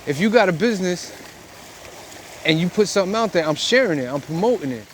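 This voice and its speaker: A man's voice: high-pitched, expressive, fairly quick, slight background noise. Earnest man vlogging by a river. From United States. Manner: earnest and preachy, speaks in repeated phrases. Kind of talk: reflective monologue. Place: outdoors by a river.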